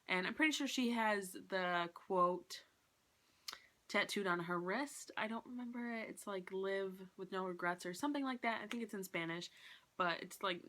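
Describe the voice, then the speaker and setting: Speaking at normal speed with a lowish voice, a woman reviews a book in a casual vlog. Her plot retelling is animated, with acted-out quotes and plenty of "like".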